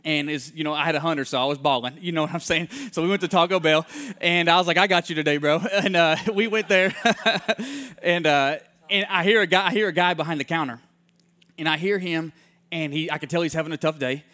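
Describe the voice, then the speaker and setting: A man delivering a sermon as a rapid-fire story, his voice sitting a little high for a man. He acts out the people in his tale with lively voices and lets his voice fall to a hush when the story turns heartfelt. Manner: animated storyteller who acts out the people he quotes; drops to soft, hushed tones in heartfelt moments.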